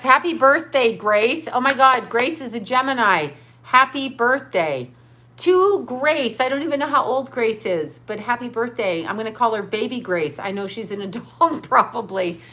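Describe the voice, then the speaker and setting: A woman's voice: on the high side, lively intonation, a little slow, bright, forceful tone. Profane rambling woman livestreamer. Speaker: livestream host; psychic. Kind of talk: casual livestream chat reading viewer comments.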